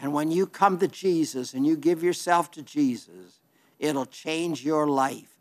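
A man's voice: fairly high pitch, unhurried, darkish tone. A man preaching on television in a folksy, earnest, plainspoken way, reading viewer letters and asking for support.

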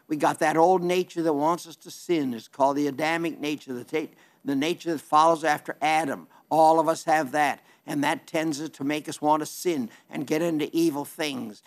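A man preaching on television in a folksy, earnest, plainspoken way, reading viewer letters and asking for support. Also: on the high side.

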